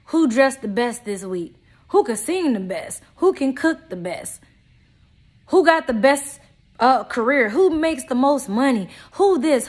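A young adult woman vlogs off the cuff in a monologue, blunt, profane and confrontational, swinging between loud outbursts and quiet asides.

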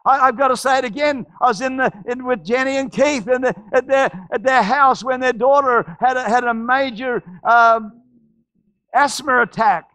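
A man preaches a sermon with a very high voice for a man. He tells stories in a loose, halting way, full of restarts, then shouts out the key words. The sound is close and dry, with no room behind it. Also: dry recording. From Australia. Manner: storytelling with shouted climaxes and frequent restarts. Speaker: pastor.

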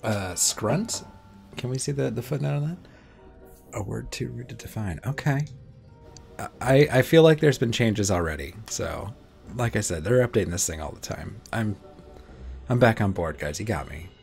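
A man's voice: on the low side, lively intonation, normal speed, gravelly, a little mellow, soft background music. A man giving casual, muttering commentary while playing a video game, swearing and talking to himself. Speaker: gameplay commentator. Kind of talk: casual let's-play commentary.

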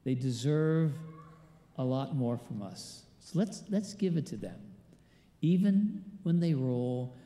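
A man's voice: mid-range voice, expressive, takes it slowly, mellow. A male pastor giving a conversational sermon, putting questions to his congregation. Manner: conversational preaching, quizzes the congregation. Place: large church. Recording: echoey church hall with long reverb.

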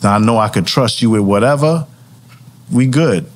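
A man's voice: on the low side, moderate pace, slight background noise. A middle-aged man from Brooklyn with a New York accent, talking as a guest on a casual chat show in a loose, streetwise way. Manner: laid-back, streetwise talk full of "you know what I'm saying". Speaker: guest rapper.

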